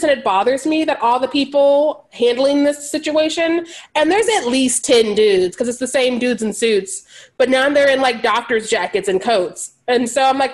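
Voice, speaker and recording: A woman with a high voice co-hosts a podcast, recapping a movie in casual conversation. She cracks sarcastic, animated jokes and laughs often.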